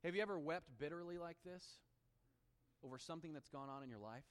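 Male pastor with a high, lively delivery, preaching a sermon that moves between emphatic scripture reading and quiet asides; long reverb. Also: brisk, smooth. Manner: animated preaching, dropping to hushed intimate tones.

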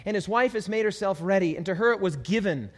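A man preaching a sermon as a pastor, enthusiastic, breaking into shouted hallelujahs. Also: high voice, expressive, fast talker. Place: church hall. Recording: long hall reverb.

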